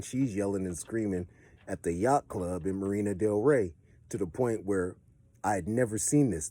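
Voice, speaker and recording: Low, mellow-voiced man with an LA accent. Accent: Los Angeles. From Los Angeles. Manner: profane, streetwise, swings between animated and low. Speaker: storyteller giving advice. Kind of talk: casual storytelling monologue.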